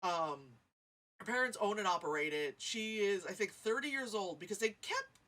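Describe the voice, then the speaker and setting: A woman ranting about a movie in a casual review, sarcastic and animated, swearing often. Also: medium pitch, moderate pace.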